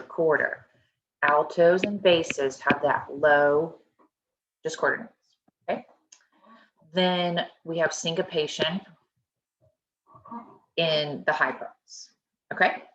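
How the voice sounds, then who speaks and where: Over a video call, a woman gives an online choir lesson, walking through a score step by step and encouragingly checking in with "okay?". Her voice is fairly low but bright-toned, with slight background noise and dull lo-fi call audio.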